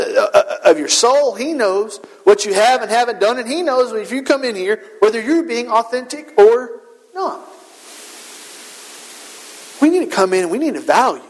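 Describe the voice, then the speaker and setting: High-voiced preacher in a reverberant hall. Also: male voice. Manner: earnest, rhetorical questions, emphatic repetition. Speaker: pastor. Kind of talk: sermon. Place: church sanctuary.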